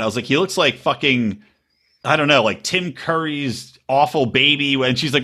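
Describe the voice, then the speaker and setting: A man co-hosting a podcast in casual chat, profane and quick to laugh. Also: mid-range voice. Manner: profane, animated, laughing storyteller. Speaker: podcast co-host.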